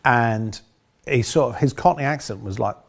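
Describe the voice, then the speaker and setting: A man's voice: mid-range voice, normal speed, vocal fry. A man, a film director, telling rambling anecdotes in an interview with dry humor.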